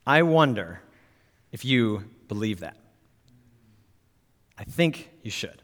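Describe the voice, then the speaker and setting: A man's voice: lowish voice, lively intonation, a little slow, pauses often, a bit bright. A man preaching a sermon as pastor, emphatic and pushing up on key words, asking his listeners direct questions. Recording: reverberant hall.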